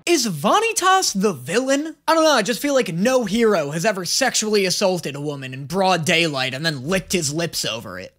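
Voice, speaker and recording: A man's voice: high voice, very animated, normal speed, hardly any pauses, a bit bright. A man hosting a casual anime reaction video, joking and incredulous. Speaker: YouTube reaction host.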